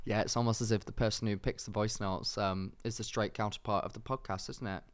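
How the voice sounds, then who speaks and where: A man's voice: on the low side, fairly even intonation, brisk, clear, resonant tone. A man co-hosting a casual podcast, teasing his partner in a mock-offended, theatrical way. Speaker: podcast co-host.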